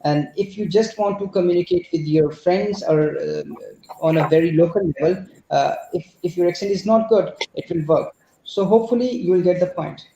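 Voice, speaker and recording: A man's voice: high-pitched, moderate pace, gravelly, mellow, reverberant, muffled recording, a little hiss or hum. A man with a Pakistani accent explaining a point in an online class, hesitant, with many fillers and restarts. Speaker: class participant.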